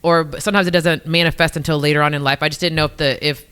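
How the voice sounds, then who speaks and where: A man with a bright, smooth voice sitting slightly above the usual male pitch hosts a casual podcast chat. He asks his guest halting, searching questions, restarting as he looks for the words. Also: fairly even intonation. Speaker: podcast host.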